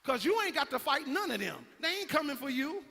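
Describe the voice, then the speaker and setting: Man, pastor, sermon, high bright voice, gravelly edge, lively storytelling, long church reverb. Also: fairly quick. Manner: animated storytelling, acting out characters. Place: church sanctuary.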